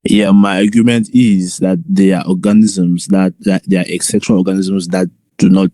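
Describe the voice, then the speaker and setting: Man, deep dark voice, earnest halting debater, dry mic. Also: little pitch movement, no echo. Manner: earnest, halting, many restarts and "hold on". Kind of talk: casual voice chat debate.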